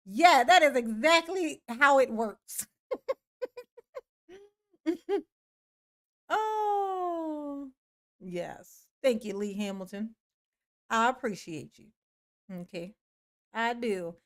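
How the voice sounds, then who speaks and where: A woman hosting a casual livestream, greeting viewers in the chat, playful and laughing often with drawn-out "yes, honey" replies. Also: fairly high pitch, lively intonation, a bit bright. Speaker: livestream host. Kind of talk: casual livestream chat, reading and answering a live chat.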